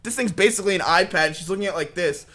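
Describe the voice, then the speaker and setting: A man's voice: sits high, racing, bright, forceful tone. A man in his twenties casually telling a rambling story to his stream chat, swearing often. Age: 20s.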